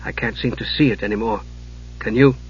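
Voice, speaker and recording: A man voicing a stern, grim male knight sub-commander who barks orders and turns low and tense in private, on a dull lo-fi recording. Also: fairly even intonation, fairly quick, slightly rough. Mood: low, grave.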